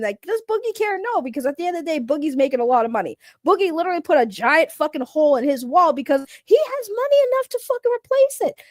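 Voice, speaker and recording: A woman's voice: sits high, darkish tone, no room sound, clean studio sound. A woman streaming live as host of a drama channel, ranting casually in a blunt, profane, mocking way.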